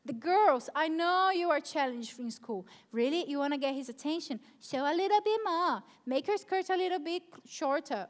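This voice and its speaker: A woman's voice: high-pitched, expressive, normal speed, few pauses. A young woman youth pastor preaching a live sermon at a church service, emphatic and repeating her key phrases.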